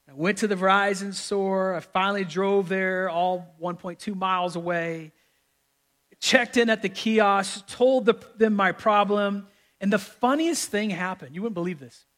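High-voiced man preaching conversationally. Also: normal speed, fairly bright tone. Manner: conversational, humorous preaching with repetitions. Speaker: pastor. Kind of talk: sermon. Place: church sanctuary with live audience.

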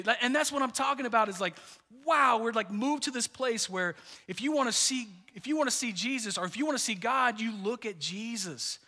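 A high-pitched, bright-voiced man gives a sermon from the pulpit in a lively, chatty way, stumbling and restarting as he goes. His voice rings out with a long reverb, as in a church sanctuary. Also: fast. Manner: animated, conversational preaching with many fillers and restarts. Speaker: pastor.

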